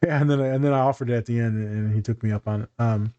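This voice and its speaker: A man's voice: medium pitch, fairly even intonation, racing, warm tone, clean tone, dull audio. Candid, profane man in casual chat. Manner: candid and profane, laughs often. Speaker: therapist and podcast co-host.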